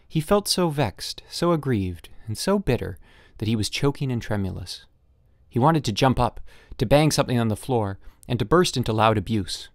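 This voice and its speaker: A man narrating a classic short story as an audiobook narrator, measured and even. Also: mid-range voice, no echo, studio quality. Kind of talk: scripted narration.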